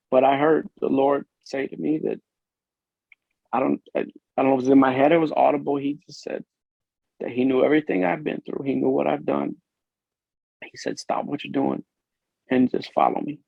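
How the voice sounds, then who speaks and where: Gravelly police officer telling his story. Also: a little high, darkish tone, no echo. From Illinois, USA. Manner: earnest, emotional, halting storytelling. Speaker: police officer, interview guest. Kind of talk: personal testimony in a podcast interview. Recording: dull lo-fi dry recording.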